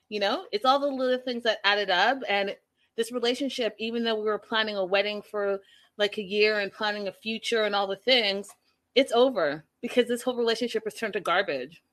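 A young woman chatting casually to her viewers in an animated, gossipy way as she reviews a reality show. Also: mid-range voice. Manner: animated, gossipy, says y'all.

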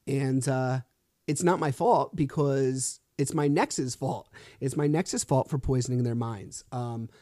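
A man's voice: medium pitch, unhurried, dark tone, dry recording, clean studio sound. A man hosting a solo podcast, telling a story in a frustrated, profane way while lying in bed with a sore back. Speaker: podcast host.

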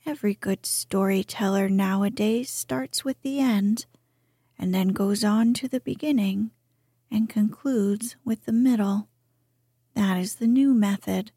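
A fussy, self-important water rat from a storybook, as a woman puts him on in whispered role-play. He lectures in a breathy, mellow hush. The pace is slow. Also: medium pitch, dry recording, studio quality. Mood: pompous.

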